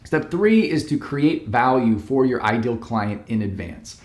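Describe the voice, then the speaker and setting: A man's voice: mid-range voice, animated, a little slow, roomy sound. A man who works as a business coach, giving direct, emphatic step-by-step advice to camera. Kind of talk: instructional talk to camera.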